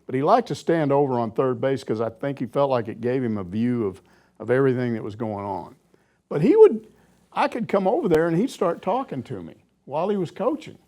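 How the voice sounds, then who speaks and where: This older sports reporter, mid-range in voice and brisk in delivery, answers questions casually. His anecdotes come out lively and punctuated by laughter.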